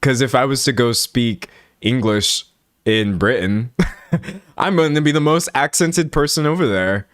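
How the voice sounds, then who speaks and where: A man's voice: medium pitch, a little slow, a bit bright, no echo, studio quality. An American man in his late twenties chatting casually with viewers on a livestream, rambling and laughing often. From United States. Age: 20s. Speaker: livestream host.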